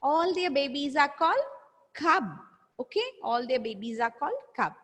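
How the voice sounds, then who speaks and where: A woman's voice: sits high, lively intonation, normal speed, a bit bright. A woman teacher, leading an online class and drawing out words for children to repeat. She praises and scolds pupils by name in a firm way. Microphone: video call. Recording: long reverb on voice.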